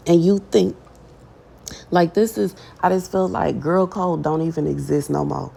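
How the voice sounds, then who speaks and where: A woman's voice: sits low, steady tone, unhurried, gravelly, dark tone, slightly rough. A woman giving a casual prophetic message to her online audience, chatty and emphatic, with slang and scripture read aloud. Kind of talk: casual prophetic preaching to camera.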